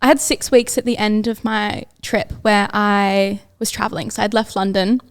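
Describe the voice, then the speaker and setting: On an audio-only podcast, a twenty-something Australian woman chats casually as a guest, spinning stories and dropping "like" all the time. She speaks at normal speed with a medium pitch, flat delivery and clean tone.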